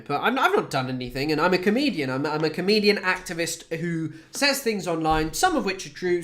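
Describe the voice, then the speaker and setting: A man's voice: fairly high pitch, fairly bright tone. Sardonic Scottish man chatting on stream. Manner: rambling, profane, sardonic, with frequent fillers. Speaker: streamer and comedian. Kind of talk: casual chat stream.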